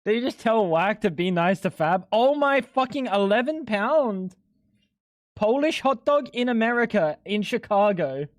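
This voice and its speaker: Young male streamer, casual and excitable, high-pitched, dry sound. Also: measured pace, dry recording. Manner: animated, swearing, laughing a lot. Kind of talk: casual live-stream chat.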